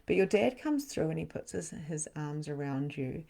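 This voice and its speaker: A middle-aged woman hosting a live-stream card reading as a spiritual medium, often dropping into a soft whisper. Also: low voice, animated, normal speed, vocal fry.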